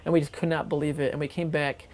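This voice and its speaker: An interviewee telling a long anecdote for a documentary in an excitable, rambling way, full of fillers. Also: medium pitch, quick pace, a little hiss or hum.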